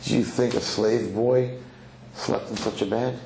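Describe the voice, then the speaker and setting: A man's voice: on the low side, steady tone, unhurried, dark tone, slight background noise. A man voicing a weary enslaved young prince. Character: young man, a kidnapped prince now a kitchen slave, weary. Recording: echoey hall, faint ambience.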